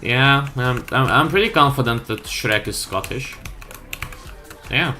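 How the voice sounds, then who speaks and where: Woman streaming a game, slow drawl, bright tone, swears a lot, faint music behind. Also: rumbling low. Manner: sweary, wry, self-mocking chatter. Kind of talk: casual gameplay commentary.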